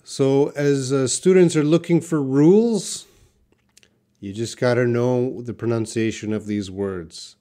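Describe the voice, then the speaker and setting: A man teaching English on a live stream, slowly answering viewers' questions one by one. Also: medium pitch, mellow. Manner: slow, patient, reads out viewer questions. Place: classroom with a whiteboard.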